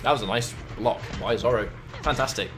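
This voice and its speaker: A man doing live commentary on a fighting game tournament, excitable and prone to loud shouts. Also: mid-range voice, brisk, soft background music. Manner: excitable, breaks into loud shouts at big moments. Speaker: esports commentator.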